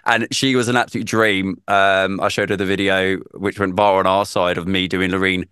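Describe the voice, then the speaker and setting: A man tells a lively anecdote on a podcast, slipping into the voices of the people he quotes. His voice is low and smooth, and it sounds close and dry, with no room echo. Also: a little fast. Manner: animated storyteller, acts out quotes. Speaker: radio presenter, podcast guest. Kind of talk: casual chat, storytelling.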